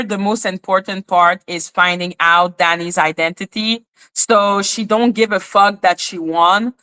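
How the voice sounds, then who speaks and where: Ranting commentary on a court case comes from a woman hosting her own channel, asking exasperated, profane rhetorical questions. Her mid-range voice is pushed and bright at normal speed, with a slight non-native accent.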